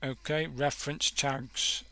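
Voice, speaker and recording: A man's voice: fairly high pitch, fairly even intonation, slow pace, bright, forceful tone, no room sound. A man hosting a casual coding tutorial, thinking aloud and correcting himself as he clicks through examples. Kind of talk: casual screen-recorded tutorial.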